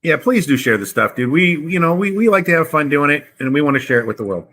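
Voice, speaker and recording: Bright-voiced man reacting eagerly. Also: on the high side, lively intonation, fast. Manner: short eager reactions, swearing. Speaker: podcast co-host. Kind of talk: casual chat.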